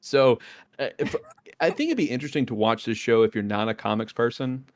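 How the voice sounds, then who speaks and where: A man's voice: medium pitch, brisk. A man on a podcast, recapping a TV episode in casual chat and acting out the characters' lines as he goes. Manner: animated, acts out characters' lines while retelling scenes. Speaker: podcast co-host.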